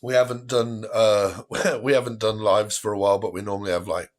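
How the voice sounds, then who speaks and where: A man's voice: fairly low pitch, fairly even intonation, brisk. A man hosting a live tarot stream in a casual, chatty way, often breaking into laughter.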